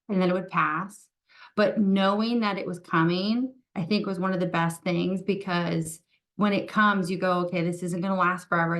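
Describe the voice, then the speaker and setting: Low, even-toned woman sharing candidly. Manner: candid, reflective, many fillers and acted-out quotes. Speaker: podcast guest. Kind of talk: casual interview chat.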